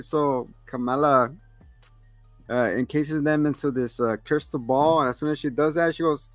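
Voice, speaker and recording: A man's voice: fairly high pitch, normal speed, no echo, soft background music. A man co-hosting a casual movie review, retelling scenes with quoted lines and frequent laughs. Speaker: co-host.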